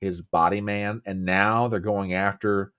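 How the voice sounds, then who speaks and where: A man's voice: fairly low pitch, fairly even intonation, unhurried, fairly bright tone, clean tone. A Southern American man hosting a casual political commentary livestream, chatty and emphatic, repeating phrases and answering viewers by name. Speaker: host.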